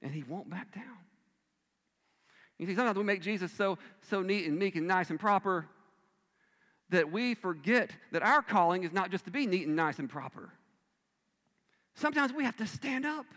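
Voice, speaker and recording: A male pastor delivering a sermon with a bright, forceful voice pitched a little high. He swings between loud emphatic bursts and hushed lines, and the sound rings with the long reverb of a large church hall. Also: lively intonation, normal speed, long pauses.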